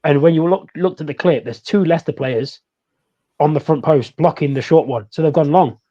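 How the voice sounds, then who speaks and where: A man talks football as a podcast co-host, chatty and animated. His voice is mellow and sits a little high. The recording has a dull, lo-fi sound. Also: fairly quick. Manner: chatty, animated, laughs easily. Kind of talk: casual football chat.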